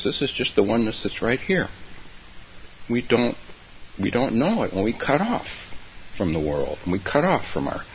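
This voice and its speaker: A man giving a dharma talk as a meditation teacher, speaking unhurriedly and repeating his phrases. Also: on the low side. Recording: dull recording with faint hiss.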